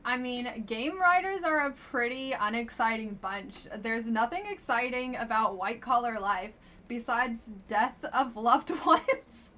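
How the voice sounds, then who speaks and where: A woman streamer chatting her way through a dating game live, blunt and wry in her remarks. Her voice is bright and sits a little high, with a loose, offhand delivery. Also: lively intonation, unhurried. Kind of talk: casual live-stream commentary.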